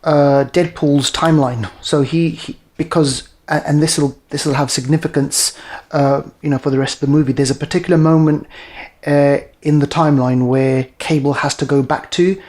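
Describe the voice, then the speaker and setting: A man's voice: fairly high pitch, a little mellow. A man co-hosting a casual film review, talking enthusiastically and rambling with many fillers and restarts.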